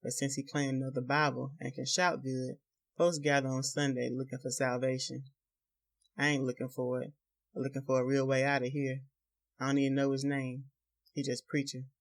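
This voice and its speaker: A man reading a novel aloud, voicing a timid young rural wife who pleads softly in country dialect. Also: mid-range voice, level tone, normal speed, lightly acted. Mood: breathless.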